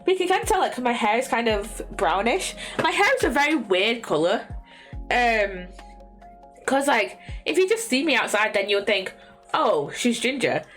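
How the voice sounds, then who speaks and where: A woman's voice: on the high side, big pitch swings, moderate pace, a bit bright. A young woman chatting casually on a stream from her bedroom, rambling with lots of fillers, restarts and little laughs. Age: young adult. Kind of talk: casual chat. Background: faint lo-fi music.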